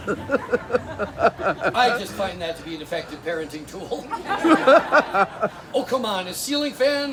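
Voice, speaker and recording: A man telling a comic fairy tale full of spoonerisms on an outdoor fair stage, bantering with the audience. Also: high-pitched. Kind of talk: live comedic storytelling with spoonerisms. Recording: live outdoor show with crowd noise.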